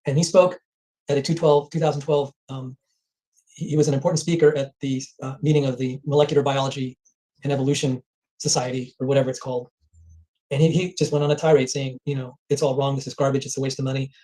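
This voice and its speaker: A man speaking as an interview guest, telling anecdotes in a rapid flow and often repeating words. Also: mid-range voice, flat delivery, dark tone, rough recording. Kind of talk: conversational interview.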